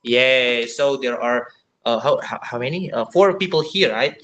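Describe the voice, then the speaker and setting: A man's voice: mid-range voice, animated, a little slow, a bit bright, dull audio. A young man from Indonesia with an Indonesian accent, teaching an English class over a video call in a joking, chatty way and mixing languages freely. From Central Kalimantan, Indonesia. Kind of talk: online class, casual teaching.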